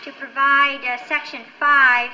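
A middle-aged woman chairing a legislative committee hearing, brisk and directive as she runs the meeting. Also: high voice, little pitch movement, bright, forceful tone, muffled recording, slight background noise.

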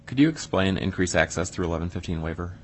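A man chairing a legislative committee hearing, brisk with short acknowledgments and follow-up questions. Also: deep voice, expressive, a little hiss or hum.

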